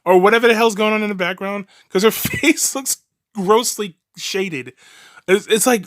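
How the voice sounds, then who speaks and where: A man's voice: sits high, moderate pace, a bit bright. A man doing a reaction commentary, profane, sarcastic and mocking, rambling with restarts and laughs.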